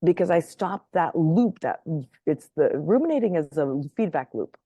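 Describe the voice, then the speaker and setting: Speaking as a podcast guest at a moderate pace, a woman tells a personal story in a low, warm, mellow voice with a husky edge. She stays animated, laughing often and repeatedly checking in with whoever's listening. It's casual conversational storytelling, captured dry and up close without any room sound.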